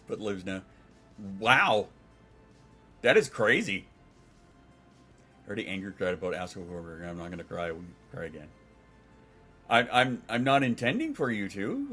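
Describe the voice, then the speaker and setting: A man's voice: mid-range voice, big pitch swings, normal speed, fairly bright tone, faint music behind. A man chatting casually on a livestream, reading chat aloud and replying in a rambling, profane way with frequent restarts. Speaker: streamer.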